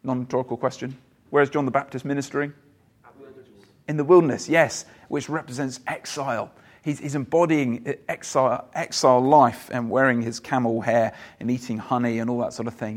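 A man preaching a sermon in a conversational way, asking his listeners questions and pausing on fillers. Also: mid-range voice.

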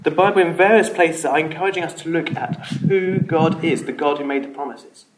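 A man's voice: on the high side, a little fast. A man leading an informal Bible study, earnest, often repeating words and putting questions to the group. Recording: echoey room, faint noise.

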